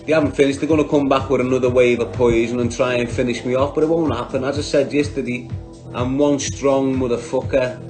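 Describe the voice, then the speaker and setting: A man's voice: medium pitch, fairly even intonation, brisk, a little mellow, faint music behind. A man with a Liverpool Scouse accent, talking on a livestream, bluntly and combatively answering viewers by name. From Liverpool, England.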